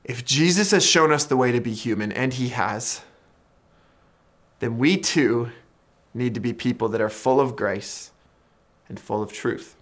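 A man preaching a sermon in a conversational way, retelling a story with drama and dropping to quiet emphasis on key lines. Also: medium pitch, measured pace, pauses often. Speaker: pastor.

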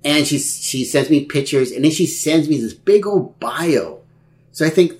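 Animated man telling dating stories. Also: a little high, measured pace. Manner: animated storyteller who acts out quotes. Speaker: podcast co-host. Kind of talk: casual chat.

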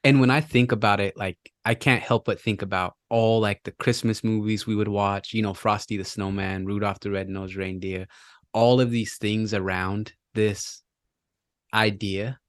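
A man in his thirties talks casually as a podcast co-host, pausing on "uh" and "like." His voice is fairly low, and the sound is close and dry. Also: no echo. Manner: relaxed, hesitant, with "like" and "uh" fillers. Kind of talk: casual chat.

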